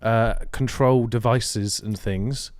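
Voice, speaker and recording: A man's voice: mid-range voice, fairly even intonation, takes it slowly. A young man co-hosting a podcast, chatting playfully and teasing his friend. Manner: playful, teasing, jumps into quoted voices. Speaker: podcast co-host. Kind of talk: casual chat.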